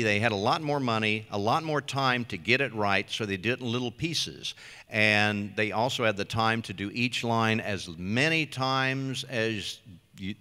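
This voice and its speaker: An older man speaks on a convention panel in a bright, forward voice. His talk is easygoing and self-deprecating, full of little fillers. A long hall reverb trails his words. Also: fairly low pitch. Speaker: voice actor panel guest.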